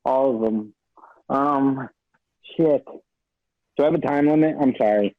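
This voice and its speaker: A man's voice: mid-range voice, a little slow, dry recording, phone-quality sound. A man comedian guest on a podcast, frustrated and self-deprecating in casual banter.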